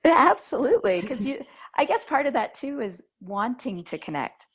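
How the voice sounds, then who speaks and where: Her voice high and husky, another podcast host tells a story at a moderate pace in casual chat. She brings it to life by acting out each voice she quotes.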